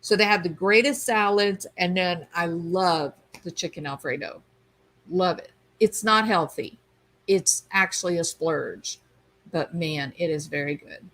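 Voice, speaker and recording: A woman hosts a casual livestream chat, reading her viewers' comments aloud. She has a lowish, slightly bright voice and a measured pace, captured in a rough recording.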